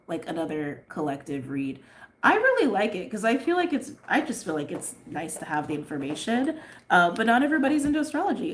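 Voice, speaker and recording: A woman reading tarot and chatting casually on a livestream, rambling and laughing often, her voice a little hoarse. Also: mid-range voice, a little hiss or hum. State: slightly hoarse. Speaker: tarot reader.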